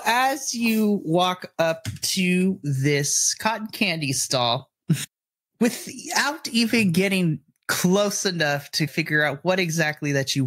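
A man narrating a tabletop game as game master, excitable and giggly, often restarting his sentences. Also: a little high.

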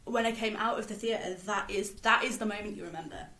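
A woman's voice: medium pitch, a little fast. Chatty woman podcaster in a roomy space. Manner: animated, laughs often, reads lines aloud. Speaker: podcast co-host. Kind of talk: casual chat about a play. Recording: roomy echo.

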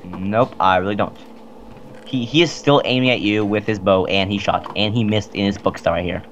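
A man with a fairly low voice talking casually over a game, tripping over his words and repeating phrases. His mic sounds dull and muffled. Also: normal speed, a little hiss or hum. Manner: stammering, repeats himself. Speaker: gamer.

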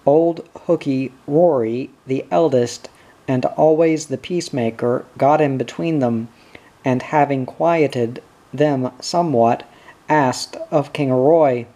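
Slow, mellow audiobook narrator. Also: male voice, medium pitch. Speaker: audiobook reader. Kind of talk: storybook narration.

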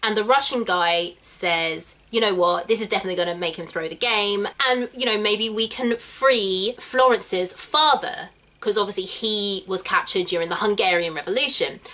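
Bright-sounding woman chatting away, doing little voices for the characters as she explains the story. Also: mid-range voice. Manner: animated, acts out characters in quick voices. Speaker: channel host explaining a musical. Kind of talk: casual chat retelling a plot.

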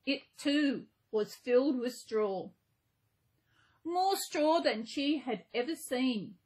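A woman host reading a fairy tale aloud in a gentle, unhurried way, with small slips now and then. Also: high-pitched, expressive, slightly rough. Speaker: channel host reading a story.

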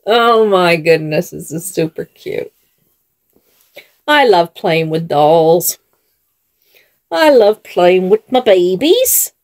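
A woman's voice: fairly low pitch, very animated, very slow, long pauses. A woman vlogger chatting casually while she dresses dolls, talking in a chatty way and laughing often. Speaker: doll channel vlogger.

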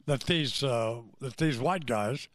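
An older man hosting morning radio, gruff and grumbling about the news. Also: medium pitch, slow, fairly bright tone, no room sound. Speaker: radio host.

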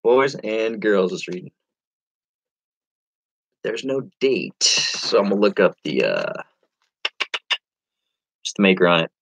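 A man's voice: lowish voice, animated, takes it slowly, vocal fry, long pauses, fairly bright tone, rough recording. A man chatting casually on a live stream as an online reseller, rambling to viewers and reading their comments aloud.

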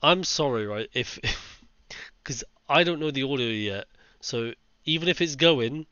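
A man's voice: medium pitch, sharp tone, no room sound, lo-fi sound. A man playing a horror game who talks to himself, is easily startled and swears a lot. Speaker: let's play gamer. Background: game music.

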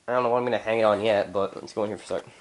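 A man's voice: fairly low pitch, fairly even intonation, racing. A man vlogging in a house, handheld camera, ranting and cursing in frustration. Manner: angry, swearing constantly. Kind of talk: casual vlog rant. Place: inside a house.

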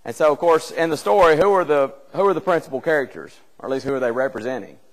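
A man's voice: fairly high pitch, quick pace. A male preacher giving a conversational Bible class, retelling a scripture story with rhetorical questions and reading old-style scripture aloud. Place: church hall. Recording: long church hall reverb.

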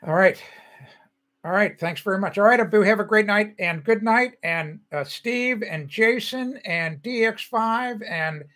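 A man's voice: high voice, a bit bright. An older man hosting a casual livestream, chatting loosely and reading out viewer comments as he greets people by name. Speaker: livestream host.

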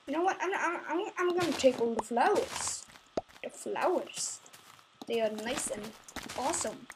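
A woman's voice: high voice, a little slow, a little hiss or hum, poor audio. A woman giving let's play commentary, grumbling, swearing and talking to in-game animals. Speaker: gameplay channel host.

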